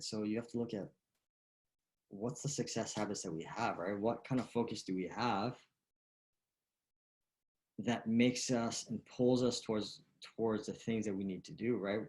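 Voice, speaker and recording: A man's voice: fairly low pitch, moderate pace. A man giving a motivational golf lesson in a casual way, with many fillers and questions. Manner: casual, lots of fillers and "right?" tags. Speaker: golf coach.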